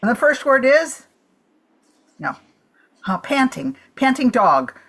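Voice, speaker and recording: Woman improviser, slow pace, halting guesses, video call. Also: high voice, sing-song. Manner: halting, thinking aloud. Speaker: improv performer. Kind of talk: guessing game banter.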